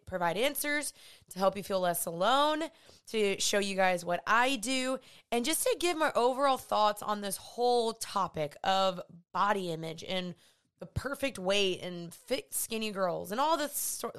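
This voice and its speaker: A woman's voice: medium pitch, fairly bright tone, clean tone. Earnest young woman podcasting. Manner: chatty, earnest and emotional, says y'all. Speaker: podcast host. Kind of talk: casual podcast monologue.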